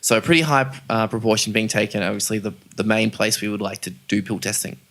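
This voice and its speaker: A man's voice: fairly low pitch, fairly even intonation, quick pace, fairly bright tone. A young man hosting a casual podcast discussion, chatty and hesitant with many fillers. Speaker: podcast host.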